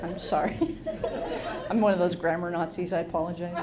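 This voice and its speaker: A woman's voice: lowish voice, fairly even intonation, brisk. A woman from Utah doing a self-deprecating stand-up comedy set on a club stage, teasing the audience. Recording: live club with loud crowd noise.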